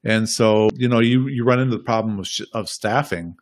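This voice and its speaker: Man, lowish voice, dry close sound; rambling, emphatic podcast guest. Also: a little fast, no echo. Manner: rambling, emphatic, repeats himself. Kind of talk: casual political chat.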